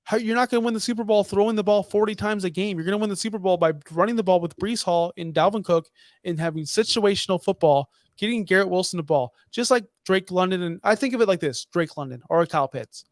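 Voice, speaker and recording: A fired-up man co-hosting a podcast, his voice sitting a little high and ranting with heavy emphasis. The sound is dry and close, with no room echo. He piles point upon point without letting up. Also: fast. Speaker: podcast co-host. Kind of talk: heated fantasy football talk.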